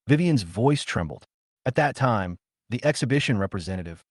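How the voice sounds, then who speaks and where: Low-voiced man narrating a manhwa recap. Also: expressive, moderate pace, no echo, clean studio sound.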